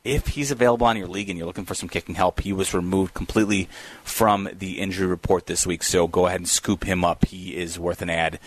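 A low-voiced man hosts a sports call-in radio show. He talks in a chatty, upbeat way, full of loose fillers. The sound is close and dry. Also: steady tone, quick pace, no room sound.

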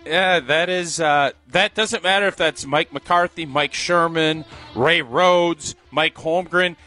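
A man co-hosting a sports radio show, talking in a bright, fairly high voice. He is opinionated and animated and laughs often, with faint music in the background. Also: slow pace. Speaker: radio co-host and former football player. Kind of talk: casual sports talk.

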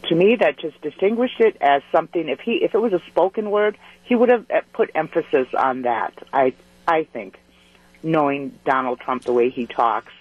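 A man's voice: fairly high pitch, moderate pace, dry recording. Male caller on a thin phone line. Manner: earnest, with stumbling restarts. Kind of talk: call-in talk radio.

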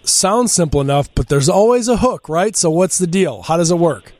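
A man's voice: sits high, expressive, normal speed, a little mellow, no echo. A man hosting a radio talk show, chatting casually and laughing easily.

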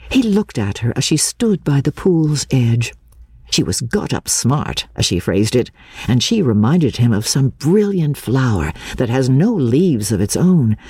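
Low, husky woman reading a classic novel. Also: no room sound. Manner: measured, expressive reading with distinct character voices. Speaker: audiobook reader. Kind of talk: literary audiobook narration.

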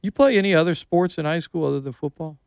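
A man's voice: fairly high pitch, fast, gravelly, darkish tone, clear, resonant tone, dry recording, clean studio sound. A middle-aged man hosting a casual sports radio interview, telling stories in a chatty way and acting out the people he quotes. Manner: chatty storyteller, acts out quotes. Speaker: radio host. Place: radio studio. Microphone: studio mic.

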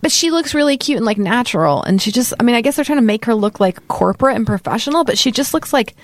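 A woman's voice: fairly high pitch, lively intonation, fast, no room sound. A woman from West Texas co-hosting a podcast, chatting casually about a movie, with plenty of fillers and laughs. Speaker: podcast co-host. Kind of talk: casual chat reviewing a movie.

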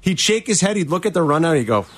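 An animated man hosting a sports radio show, trading stories in casual chat. His voice leaps up when he quotes people. The sound is dry and close. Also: fast talker, no room sound. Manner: animated storyteller who jumps to a high voice for quoted lines. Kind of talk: casual chat, sharing memories.

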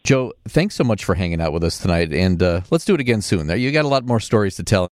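Male radio host with a very deep voice, a dry studio sound, upbeat in manner. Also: lively intonation, quick pace, no room sound. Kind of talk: broadcast interview.

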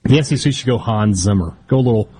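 A man's voice: fairly low pitch, fast, warm tone, husky, no room sound. Wry male sports radio co-host. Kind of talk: casual sports talk banter.

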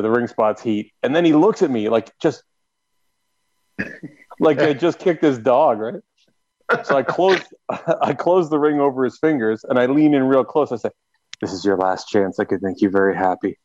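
A man's voice: mid-range voice, darkish tone, dull audio. Chuckling man telling a story. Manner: laughs through his own stories. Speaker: podcast co-host. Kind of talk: casual storytelling.

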